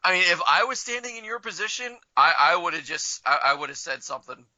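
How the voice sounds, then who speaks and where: A man's voice: high voice, expressive, fairly quick, bright, forceful tone, no room sound, dull audio. A man co-hosting a podcast in casual chat, blunt and joking, with some swearing. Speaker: podcast co-host.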